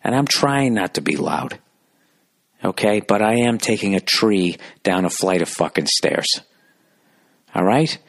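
Deep-voiced man ranting profanely. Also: lively intonation, a little slow, creaky, long pauses. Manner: profane, rambling storytelling with heavy swearing; acts out quoted voices in loud high bursts. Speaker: podcast host. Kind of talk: solo comedic rant.

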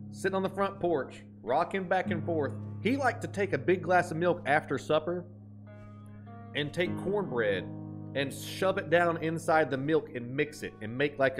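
Lively twangy man streaming a game. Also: fairly high pitch. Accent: Appalachian. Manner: chatty, reads chat aloud, laughs easily. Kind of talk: casual live-stream gameplay chat.

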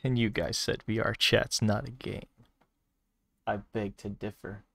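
A man streaming a virtual world game, reacting out loud in casual commentary with laughs and exclamations. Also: little pitch movement, unhurried, vocal fry, no echo. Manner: laughing, exclaiming, sudden high squeals. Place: at home at a desk.

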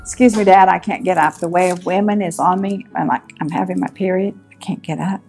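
A woman voicing Rachel, a sly young daughter who speaks quietly to deceive her father. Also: fairly even intonation, fairly quick, vocal fry, slightly rough, faint music behind. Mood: coy. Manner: quiet, lowered voice.

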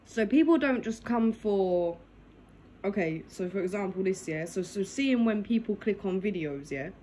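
Over dinner in her living room, a woman vlogs casually with a phone in her lap, tacking "yeah?" onto nearly every phrase. Her voice is mid-range, expressive and mellow at normal speed, and the low-quality recording carries slight background noise.

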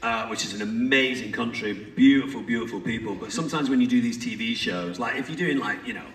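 A man's voice: medium pitch, fast, a bit bright. A man chatting as a panel guest, telling stories and laughing often. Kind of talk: casual panel chat. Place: large convention hall. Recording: echoey hall, distant mic, noise.

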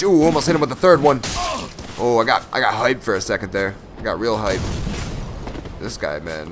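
A man giving casual, profane gameplay commentary, joking and breaking into excited shouts. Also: deep voice, background noise. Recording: loud music behind the voice.

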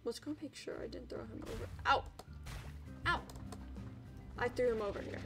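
A woman's voice: a little high, fast, gravelly. A woman streaming a game, chatting casually and squealing and cooing at the creatures on screen. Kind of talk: casual gameplay commentary. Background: game music.

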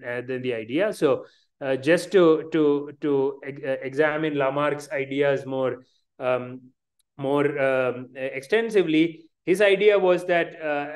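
A man with an Indian English accent giving an online science lecture over a video call, hesitant, with many fillers and restarts. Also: a little high.

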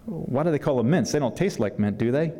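A man's voice: mid-range voice, lively intonation, a little fast, dark tone, pitched above the performer's own voice, lightly acted. A man reading aloud and voicing a curious teenage boy who keeps asking questions, in a hall with long reverb.

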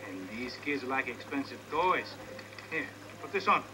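A man's voice: mid-range voice, big pitch swings, moderate pace, natural voice. An actor playing a brash, streetwise male bodyguard in a video game, with cocky, casual banter. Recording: noisy game audio behind.

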